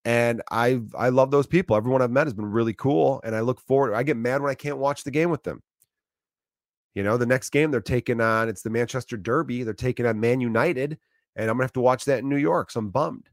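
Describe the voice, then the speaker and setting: A man in his thirties talking in a loose, rambling monologue, telling animated stories with restarts and swearing. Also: mid-range voice, a little fast, no echo, studio quality.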